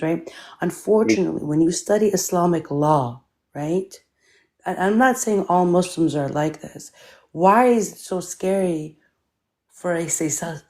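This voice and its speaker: A woman's voice: fairly low pitch, darkish tone. A woman arguing her case in a heated online debate, lecturing and tagging her points with "right?". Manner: argumentative, lecturing, keeps saying right. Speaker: debate guest.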